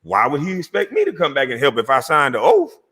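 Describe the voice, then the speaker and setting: A middle-aged man hosting his own channel, delivering an angry, profane rant to camera, mocking and confrontational, breaking into laughs and shouts. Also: medium pitch, huge pitch swings, fairly quick, slightly rough. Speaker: channel host. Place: Georgia, USA.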